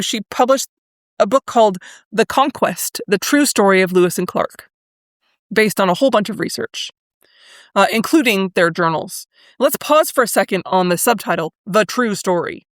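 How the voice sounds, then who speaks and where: A woman hosting a solo history podcast, talking in a thoughtful, conversational way, with fillers and pauses now and then. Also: medium pitch, fairly bright tone, dry recording, studio quality. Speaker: podcast host.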